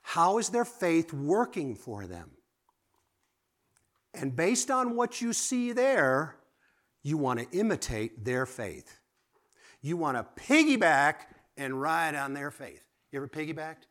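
A man preaching a sermon, lively and conversational, swinging from emphatic exclamations to quiet asides and asking the congregation direct questions. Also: fairly high pitch, slow. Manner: asks the audience direct questions.

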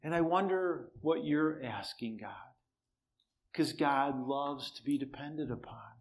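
A man with a fairly high voice preaches slowly, telling a personal story in an easygoing, conversational style laced with dry humor. He says he can't raise his voice, and it sounds strained, unable to shout.

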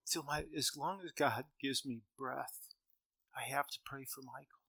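A middle-aged man preaching a sermon to students in a hall, telling stories that swing between loud emphasis and quiet asides. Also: mid-range voice, fairly even intonation, measured pace, creaky.

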